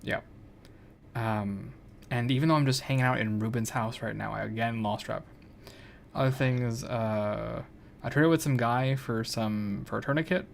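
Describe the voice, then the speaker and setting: A man's voice: medium pitch, gravelly, a little hiss or hum. A man streaming a game, chatting casually in a rambling, self-correcting way. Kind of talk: casual gameplay chat.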